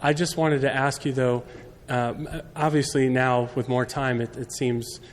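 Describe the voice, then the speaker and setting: A man's voice: medium pitch, steady tone, measured pace. A man in the audience asking a hesitant question full of fillers. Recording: echoey hall, faint background noise.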